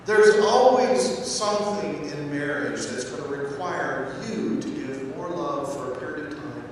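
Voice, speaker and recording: A man's voice: on the high side, lively intonation, a little slow, slight background noise. A male pastor giving a casual, joking sermon, talking straight to the congregation. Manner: conversational, joking, addresses the congregation directly. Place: church sanctuary. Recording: echoey church hall, mic at a distance.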